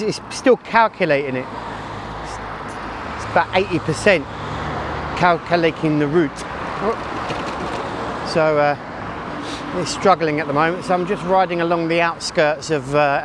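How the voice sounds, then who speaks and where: A man's fairly high-pitched voice comes at a moderate pace with frequent pauses. He's a cycling vlogger riding outdoors on country roads and in the city, loosely narrating his ride and route with jokes, self-mockery and asides to himself. Faint traffic and outdoor noise can be heard.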